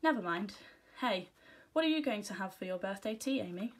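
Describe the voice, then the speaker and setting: A woman's voice: medium pitch, lively intonation, a little fast, lightly acted. A woman reading aloud, voicing a friendly, food-loving schoolgirl in a storybook.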